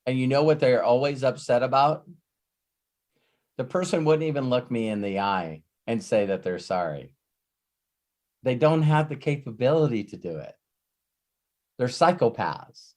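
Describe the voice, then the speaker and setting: A man's voice: mid-range voice, a little mellow. Rambling male life coach. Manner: rambling, with frequent restarts and repeated words. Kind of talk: live coaching session talk.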